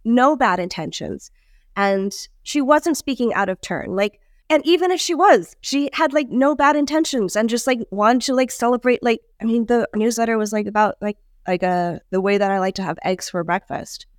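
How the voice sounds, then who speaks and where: A woman who works as a chef and food writer, telling a story in casual conversation, filling her talk with "like" and animated asides. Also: fairly high pitch, normal speed, dry recording, studio quality.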